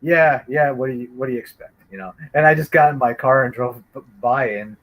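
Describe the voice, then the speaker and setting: A man casually telling a story, animated, acting out the quotes. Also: medium pitch, a little fast, rough recording. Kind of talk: casual chat.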